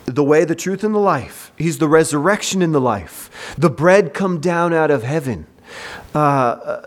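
A middle-aged man preaching a sermon, moving between relaxed storytelling and loud, drawn-out pleading cries. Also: on the high side. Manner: swings from quiet storytelling to loud, slow, pleading outbursts.

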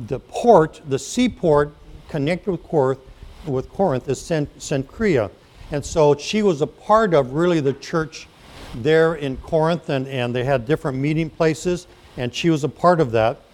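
Pastor guy preaching casual, walks through it bit by bit, fixes his words a lot, slightly high voice. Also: a little mellow. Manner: conversational, explaining step by step, self-correcting. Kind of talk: sermon.

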